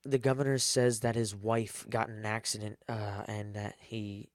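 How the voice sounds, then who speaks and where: Flat-voiced man recapping casually. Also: on the low side, moderate pace, dry recording, studio quality. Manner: rambling, many fillers and self-corrections. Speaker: TV episode reviewer.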